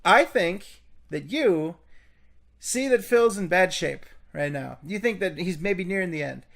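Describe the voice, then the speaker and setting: A man's voice: high-pitched, animated, measured pace, gravelly, fairly bright tone. A man in a casual argument, pressing his point insistently and teasing the other man.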